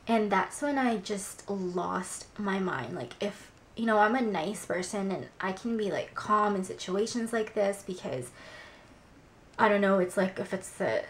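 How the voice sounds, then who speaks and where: A woman's voice: medium pitch, a little slow, a little hiss or hum. A young woman vlogging, agitated and swearing as she tells a story, with lots of "like" fillers. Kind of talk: casual vlog storytelling.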